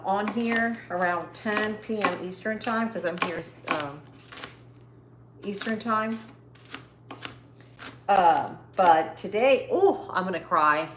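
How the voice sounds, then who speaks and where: A woman hosting a casual cooking livestream from her home kitchen, chatting upbeat with viewers while she chops. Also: medium pitch. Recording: echoey kitchen with faint noise.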